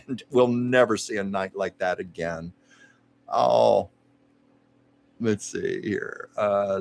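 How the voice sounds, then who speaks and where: A man's voice: lowish voice, fairly bright tone. A man hosting a livestream, reading out viewer comments and reminiscing about old TV shows in a chatty way, laughing often. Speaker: livestream host.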